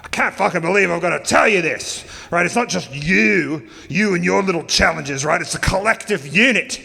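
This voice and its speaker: A man's voice: mid-range voice, normal speed, gravelly, bright, forceful tone. A man voicing a brash, bossy outback camp mate who swears and lectures, raising his voice. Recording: live hall with long reverb.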